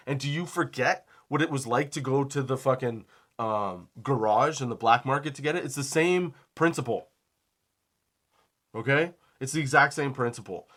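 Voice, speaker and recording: A man hosting a comedy podcast, telling a story from behind a shop counter in a casual, animated way, acting out both sides of the conversation and laughing often. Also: medium pitch, moderate pace. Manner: conversational, says "okay?" and "dude" often. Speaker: podcast host.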